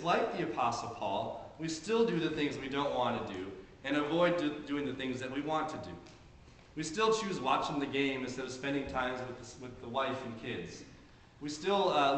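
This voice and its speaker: A man's voice: mid-range voice, a bit bright, a little hiss or hum. A man preaching a sermon to a congregation in an earnest, conversational way. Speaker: pastor. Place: church sanctuary during a service. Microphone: handheld camcorder in the congregation. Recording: very echoey church, camcorder audio.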